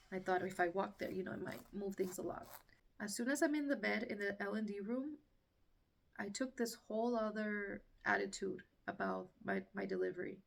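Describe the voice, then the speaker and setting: A woman's voice: medium pitch, steady tone, normal speed, gravelly, recorded from a distance. A woman casually telling her own story, acting out what people said and laughing through the tense parts.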